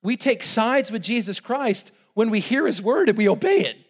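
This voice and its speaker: High-voiced, animated preacher man. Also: moderate pace. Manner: animated, laughing, asks rhetorical questions. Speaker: pastor. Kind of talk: sermon.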